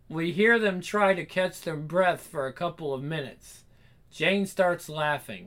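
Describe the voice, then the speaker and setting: A man narrates a first-person adult comedy story with a wry, animated delivery and casual swearing. His voice sits a little high and sounds bright and forceful. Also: unhurried.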